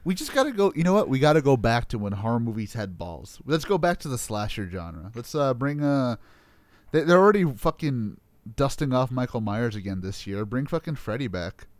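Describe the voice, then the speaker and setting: A man's voice: mid-range voice, big pitch swings, fairly quick, no echo. A man hosting a podcast in casual chat, swearing freely and laughing easily as he talks. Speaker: podcast host.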